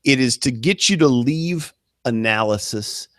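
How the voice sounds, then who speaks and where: A man's voice: medium pitch, lively intonation, a little slow, a bit bright, dry recording, studio quality. A man co-hosting a political commentary show, emphatic and full of stammered restarts. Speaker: co-host.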